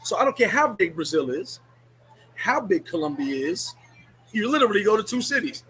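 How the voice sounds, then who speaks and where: A man's voice: sits high, big pitch swings, moderate pace, a bit bright, breathy edge, rough recording. A man hosting a casual livestream, ranting bluntly and sarcastically, shifting into chatting with viewers. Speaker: livestream host. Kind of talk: casual live-stream rant.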